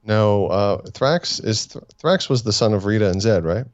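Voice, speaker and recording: A man's voice: fairly low pitch, expressive, normal speed, highs cut off. A man co-hosting a fan review podcast, chatting casually in a laid-back, teasing way. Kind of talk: casual chat.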